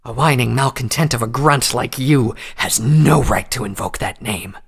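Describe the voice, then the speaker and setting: A man's voice: medium pitch, moderate pace, gravelly, slightly rough. A man voicing a cruel, hot-tempered female unicorn captain who hisses her threats in an audiobook. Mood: hissing. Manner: hissing, menacing. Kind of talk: audiobook character voice.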